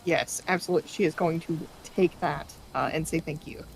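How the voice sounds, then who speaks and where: A woman playing a tabletop game, describing her character slowly and hesitantly. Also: deep voice, creaky, soft background music, poor audio. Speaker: player. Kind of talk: tabletop role-play.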